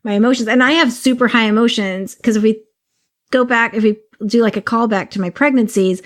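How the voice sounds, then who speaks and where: A middle-aged woman co-hosting a podcast, talking in a rambling, animated way and swearing freely. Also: a little high, fairly quick. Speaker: podcast co-host. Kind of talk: casual chat.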